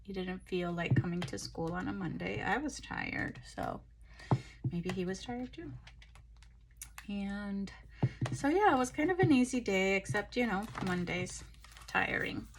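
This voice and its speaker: A tired woman chatting casually through a craft haul, relaxed and full of ums and pauses, recorded on a phone. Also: mid-range voice, a little hiss or hum. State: tired, yawning. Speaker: craft vlogger. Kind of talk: casual show-and-tell chat.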